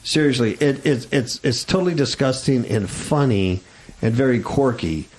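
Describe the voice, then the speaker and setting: A man's voice: medium pitch, moderate pace, a little mellow. A man hosting a Christian talk radio show, rambling and stammering with indignant restarts.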